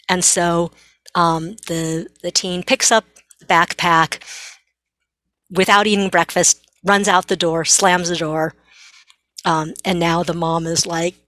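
A middle-aged woman psychiatrist speaks as an interview guest, explaining things earnestly and slipping into bits of dialogue. Her voice sits on the low side and the recording is dry. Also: level tone, slow, fairly bright tone, no room sound.

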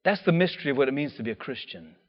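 A man preaching a sermon in a lively, casual way, full of slang and acted-out quotes. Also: medium pitch, rapid-fire, in a large hall, dull audio.

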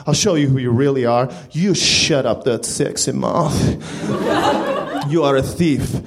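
A man's voice: mid-range voice, unhurried, very noisy, lightly acted. A man voicing a pushy, exasperated young male cable thief who pleads and taunts. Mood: taunting.

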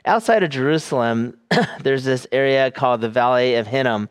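A man preaching a sermon in a smooth, resonant voice of ordinary pitch. He speaks earnestly and deliberately, slowing on key phrases, with frequent fillers and restarts. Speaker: pastor.

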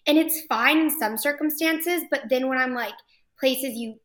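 A woman from Texas, an actress guest chatting enthusiastically in an interview, with frequent quick restarts. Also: high voice. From Texas, USA. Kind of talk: casual interview chat.

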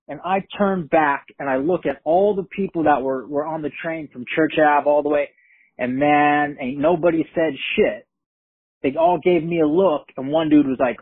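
A man's voice: fairly high pitch, normal speed, husky, no room sound. A man from Brooklyn, casually telling a story in a profane, streetwise way. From Brooklyn, New York. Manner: profane, streetwise, animated retelling. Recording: tinny phone-line recording.

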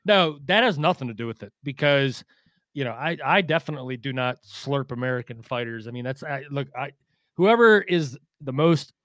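A man's voice: mid-range voice, lively intonation, normal speed, a bit bright, no room sound, clean studio sound. A man co-hosting a boxing podcast in casual chat, rambling with lots of fillers and restarts and swearing freely.

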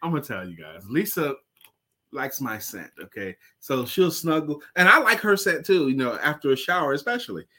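A man co-hosting a casual live show, chatting and telling a story in an animated, dramatic way. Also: fairly high pitch, normal speed. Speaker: co-host.

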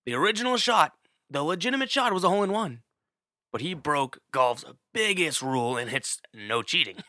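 A man's voice: a little high, animated, moderate pace, pushed and bright, dry recording, clean studio sound. A man telling a story in a casual, chatty way, talking straight to the listener with plenty of fillers. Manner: chatty, addresses the listener directly, many fillers.

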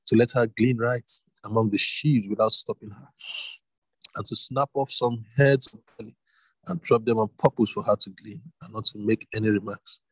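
Man, husky voice, reading Bible story aloud, medium pitch, dry recording. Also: no echo, rough recording. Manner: voices the characters, with casual asides. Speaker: reader.

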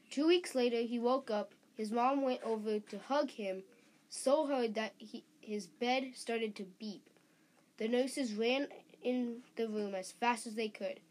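A woman reading a story aloud slowly and haltingly, stumbling and restarting on words. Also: a little high, a little mellow.

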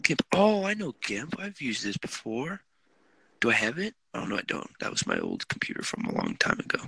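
Young man with a bright, dry voice. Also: lowish voice, wildly swooping pitch, brisk, vocal fry, husky, dry recording, low-quality recording. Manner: laid-back, rambling, laughs often, many "like" fillers. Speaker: podcast co-host. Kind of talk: casual chat.

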